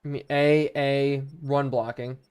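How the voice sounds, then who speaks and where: A man's voice: medium pitch, flat delivery, measured pace, darkish tone, smooth. A young man live-streaming a video game, chatting to viewers and thinking aloud as he plays.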